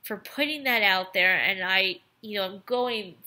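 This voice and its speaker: A woman's voice: medium pitch, measured pace, sharp tone, a little hiss or hum. A tipsy woman vlogger rambling and gushing through a casual episode review, with restarts and trailing asides. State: tipsy from wine.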